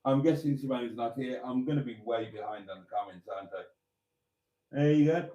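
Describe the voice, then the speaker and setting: A man's voice: medium pitch, brisk, noisy background. A man hosting a live stream, chatting and telling rambling stories with laughs and teasing asides. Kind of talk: casual chat and storytelling.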